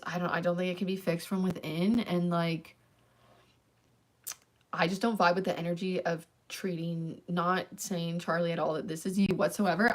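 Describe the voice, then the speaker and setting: On a casual livestream, a Canadian woman hosting the channel talks in a low-pitched voice. She rambles, with frequent "um"s and "like"s.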